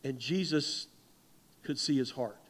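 A man preaching a sermon as pastor, animated and conversational, acting out the voices in the stories he tells. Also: medium pitch, unhurried. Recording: long hall reverb.

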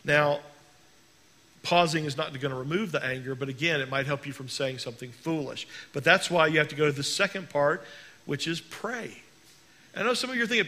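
A male pastor preaching a sermon in an earnest way, slowing down to stress key words. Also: a little high, sharp tone.

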